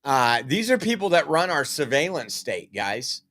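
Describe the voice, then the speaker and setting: A man's voice: mid-range voice, very animated, unhurried, a bit bright. A man giving casual political news commentary, reading out articles, emphatic and rambling with many fillers.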